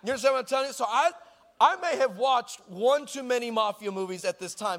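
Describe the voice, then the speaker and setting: A pastor with a Texan accent preaches a sermon in a very high-pitched, fast voice with a big-room sound. He tells a comic story animatedly, shouting the punchlines and often making conversational asides asking the congregation if they're with him.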